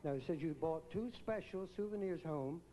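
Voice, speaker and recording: A man hosting a live pageant on stage, teasing the contestants with quick jokes as he interviews them. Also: fairly high pitch, dark tone, rough recording. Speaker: pageant host. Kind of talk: joking live pageant emcee.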